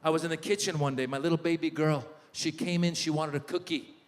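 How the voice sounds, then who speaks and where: A middle-aged man performing a stand-up comedy set, telling animated stories and shouting in character voices. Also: on the high side, fast talker. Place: large live venue. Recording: live hall with long reverb.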